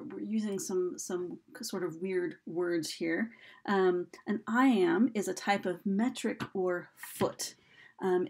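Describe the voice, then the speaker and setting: A woman's voice: mid-range voice, a little mellow, slight background noise. A woman teacher giving a recorded slideshow lesson, chatty and full of ums and uhs. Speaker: high school English teacher.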